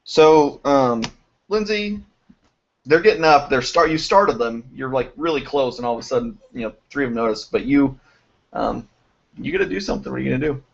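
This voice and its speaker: A man's voice: medium pitch, fairly quick, creaky. A young man running a tabletop game as game master, hesitant and full of ums. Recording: dull lo-fi home recording.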